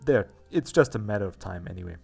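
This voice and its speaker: A man's voice: lowish voice, animated, quick pace, vocal fry, darkish tone, husky, faint music behind. A man hosting a let's play, chatting casually and thinking aloud as he plays, with a self-mocking manner. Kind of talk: casual gameplay commentary.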